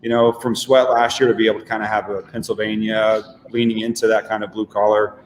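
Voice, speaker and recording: A man, a stage actor, chatting easygoing and self-deprecating, halting with fillers. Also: fairly low pitch, level tone. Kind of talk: casual interview chat. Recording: echoey hall with faint noise.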